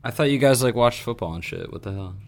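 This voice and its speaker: A man's voice: mid-range voice, animated, fast. A man co-hosting a casual football chat, crude and joking, often laughing as he talks. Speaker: podcast co-host.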